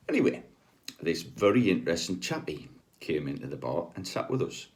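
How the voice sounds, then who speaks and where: A middle-aged spiritual healer tells personal stories in a casual, chatty, rambling way, full of ums and asides. His voice is low with big pitch swings, and he talks a little fast.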